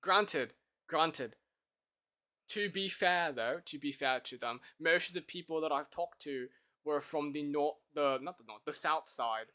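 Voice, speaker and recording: Bright, chatty male streamer thinking aloud. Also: a little high, measured pace. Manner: chatty, thinks aloud, self-deprecating, laughs easily. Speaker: live streamer. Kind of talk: casual live-stream chat while coding.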